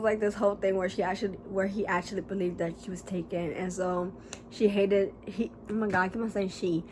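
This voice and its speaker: A woman talking casually as a book reviewer, rambling and animated, with lots of fillers and casual swearing. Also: mid-range voice, a little hiss or hum. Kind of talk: casual chat.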